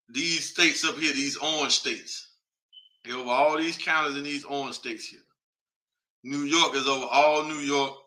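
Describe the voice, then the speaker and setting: A man's voice: mid-range voice, sharp tone. A man hosting a casual broadcast, thinking aloud and talking straight to his viewers in an informal, chatty way as he reads through a list. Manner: thinks aloud while reading a list off a map. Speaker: host.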